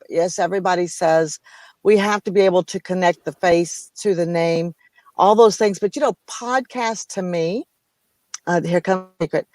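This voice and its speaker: A woman's voice: medium pitch, no room sound. A middle-aged American woman chatting casually on a business show, her voice close and dry with no room around it. She tells stories with lots of energy and often drops into playful voices. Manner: animated storyteller, slips into playful voices and laughs. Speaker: co-host of a business talk show.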